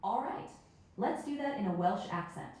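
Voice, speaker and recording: A synthetic woman's voice with a mellow, warm tone. She answers requests in a cheerful, willing way. It plays through speakers in a very echoey hall. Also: fairly high pitch, expressive, moderate pace. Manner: cheerful and obliging. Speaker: AI avatar voice.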